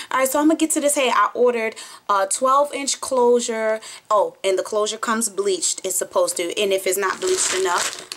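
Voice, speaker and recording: Young Southern woman vlogger, chatty and excitable, casual unboxing talk, phone mic with clear background noise and crinkling wrap. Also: mid-range voice. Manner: chatty, bubbly and excitable, squeals with delight. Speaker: beauty vlogger. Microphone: phone camera. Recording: noisy phone recording with crinkling packaging.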